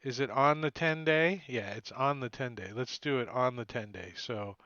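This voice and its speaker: A man running an online tabletop game as game master, his voice bright and forceful. He rambles and thinks aloud as he talks. The sound is dry and a little dull, like a lo-fi mic. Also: medium pitch, moderate pace, dry recording.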